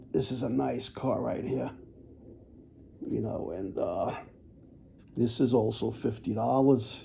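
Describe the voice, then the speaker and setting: Gravelly, dark-voiced man selling toy cars. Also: medium pitch, slight background noise. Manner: folksy salesman patter, repeats himself, frequent throat clearing. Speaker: toy car seller. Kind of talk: casual sales video.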